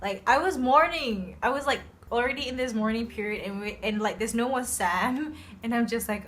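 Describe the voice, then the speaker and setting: A young woman chatting casually about books she loves, gushing and excitable, with lots of fillers. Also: fairly high pitch, moderate pace, slight background noise. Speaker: book reviewer. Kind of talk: casual book review chat. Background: soft background music.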